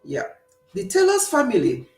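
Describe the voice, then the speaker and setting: A Nigerian woman hosting a casual live stream, chatting and answering her viewers' comments as they arrive, with a warm Nigerian accent and frequent bursts of laughter. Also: high-pitched, huge pitch swings, normal speed, soft background music. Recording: roomy echo.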